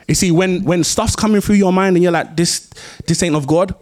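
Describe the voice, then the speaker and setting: Young guy preaching, animated storytelling, loud then hushed. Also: high voice, a little fast, hardly any pauses. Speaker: pastor. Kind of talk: sermon.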